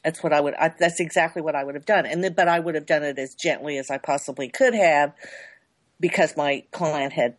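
A woman's voice: low voice, brisk, dry recording. A middle-aged woman publicist being interviewed, talking in rambling loops that repeat and restart. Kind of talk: interview guest.

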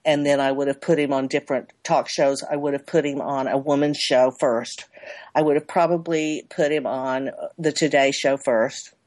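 A woman's voice: a bass voice, fairly even intonation, moderate pace, darkish tone, no echo. A middle-aged woman publicist being interviewed, talking in rambling loops that repeat and restart. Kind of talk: interview guest.

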